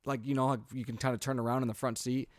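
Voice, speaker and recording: Dad podcast co-host, 30s, mid-pitched, chatty storyteller, dry close sound. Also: male voice, racing, no room sound. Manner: animated storyteller, acts out quotes, frequent "like" and "um". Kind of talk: casual storytelling chat.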